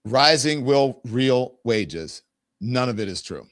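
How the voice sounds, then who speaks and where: A male talk show host delivers political commentary with a sarcastic, emphatic edge. His voice sits at a middle pitch. The recording is dry and close, with no room sound. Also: lively intonation, slow pace, fairly bright tone, no echo.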